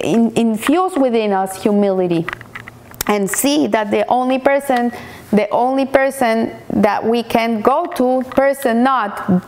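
A woman delivering a weekly Torah lesson with a slightly high voice. She speaks in halting phrases, restarting and repeating words as she gathers her thoughts. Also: darkish tone. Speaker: Torah teacher.

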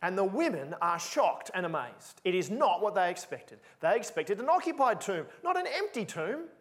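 Emphatic, lively male preacher. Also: high-pitched, moderate pace. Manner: emphatic, animated, repeats for emphasis. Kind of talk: sermon.

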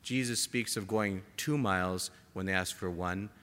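A man preaching a sermon to a gathered congregation, impassioned, rising to emphatic peaks and dropping to soft, quiet lines. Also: low-pitched, moderate pace. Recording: long hall reverb.

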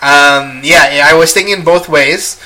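A man's voice: a little high, a little slow, pushed and bright. A young man casually reviewing a movie, swearing freely and rambling with lots of ums. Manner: profane, rambling with many fillers.

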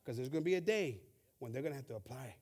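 A male pastor delivers a fervent sermon, starting with quiet reading and building to loud exhortation while stumbling over and repeating words. His mid-range voice is slightly rough, expressive and very fast.

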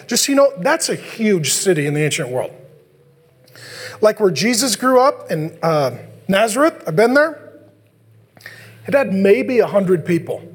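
A man preaching a sermon as a pastor, animated and joking, acting out biblical dialogue in playful voices. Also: high-pitched, unhurried, pauses often, breathy edge. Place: large church hall. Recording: long hall reverb.

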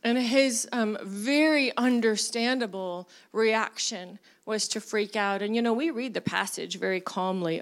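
A woman's voice: a little high, a little slow, hardly any pauses. A woman preaching a sermon in a conversational way, with fillers and laughs, rising to emphatic bursts.

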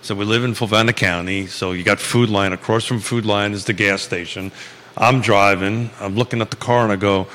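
A man's voice: on the low side, steady tone, fairly quick, a bit bright, long reverb tail. Rambling, self-mocking man hosting a chat show. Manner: rambling, self-mocking storyteller with many restarts. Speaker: show host. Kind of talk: casual live chat show banter.

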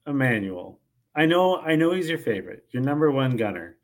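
A man co-hosting a recap show, walking through his reasoning in a measured way. His voice sits at an ordinary middle pitch. He sounds casual and conversational. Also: very animated. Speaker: podcast co-host.

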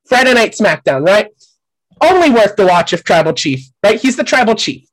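A loudmouth male wrestling pundit, played by a man, ranting with nonstop profanity. He swings between grumbling and yelling at people off-mic, all in a comic bit. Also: high voice, sing-song, normal speed, full character voice, rough recording. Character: brash foul-mouthed male wrestling pundit. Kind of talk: comedic character segment.

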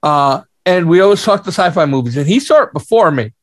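Animated man telling a story. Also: on the high side, a little fast, dry recording, studio quality. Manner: animated storyteller, acts out dialogue. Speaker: podcast co-host. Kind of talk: casual chat.

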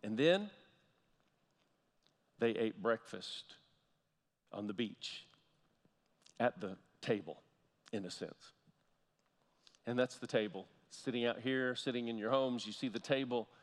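A man preaching a sermon as pastor, telling a story and slowly repeating key phrases for emphasis. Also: medium pitch. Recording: long hall reverb.

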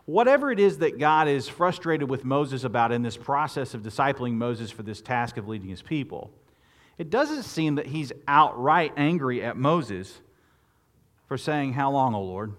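A man preaching a sermon, lively and expressive, often repeating words and restarting phrases as he talks. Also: normal speed. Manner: expressive preaching, rising loud and high when quoting Moses. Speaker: pastor.

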